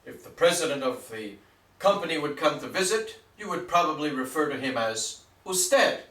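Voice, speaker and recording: A man teaching a basic language lesson, patient and deliberate, spelling words out letter by letter. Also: fairly high pitch, lively intonation, a bit bright, echoey room, recorded from a distance. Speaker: Spanish teacher.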